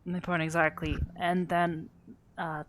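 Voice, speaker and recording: A woman in a roleplay session playing a healer, talking in a tired, soft-spoken way. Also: on the low side, little pitch movement, unhurried, slight background noise. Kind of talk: in-character roleplay.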